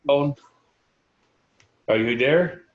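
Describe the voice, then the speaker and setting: A man's voice: medium pitch, phone-quality sound, slight background noise, close to an everyday voice. A man doing a pompous French vampire heir. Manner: halting, pompous, fake-French phrasing. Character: proud young male vampire heir, pompous.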